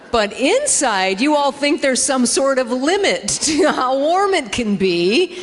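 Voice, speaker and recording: A woman's voice: sits high, big pitch swings, slow pace. Chatty woman doing stand-up in a hall. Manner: chatty, self-mocking, acts out dialogue with funny voices. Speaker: stand-up comedian. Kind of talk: stand-up comedy set. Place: church hall. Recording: live in a reverberant hall.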